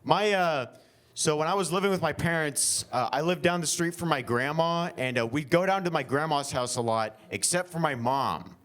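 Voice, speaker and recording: Young male comic from Oklahoma, slightly high voice, loose rambling improvised stand-up with lots of fillers. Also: moderate pace, a bit bright. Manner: rambling, filler-heavy, self-deprecating. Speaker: stand-up comedian. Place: winery comedy show.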